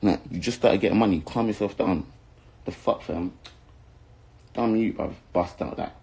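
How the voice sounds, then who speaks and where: Young man, south london accent, very low husky voice, furious sweary rant. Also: moderate pace, dark tone, rough recording. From London, England. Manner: angry, insulting, swearing, repeating himself. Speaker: rapper. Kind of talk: heated rant to camera.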